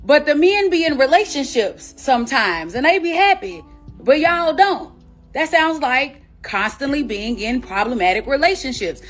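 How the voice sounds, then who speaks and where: A woman's voice: sits high, expressive, moderate pace, faint music behind. A woman with doing sassy, questioning casual commentary.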